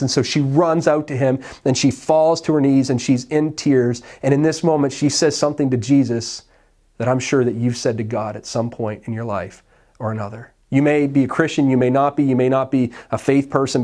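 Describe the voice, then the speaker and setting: A man's voice: medium pitch, dark tone. A male pastor preaching a sermon in an emphatic, conversational storytelling way.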